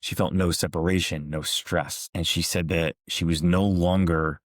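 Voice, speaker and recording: A man with a very low, deep voice gives a reflective motivational talk. He tells his stories in a calm, measured, earnest way. The sound is close and dry, with no room echo. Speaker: motivational speaker and coach.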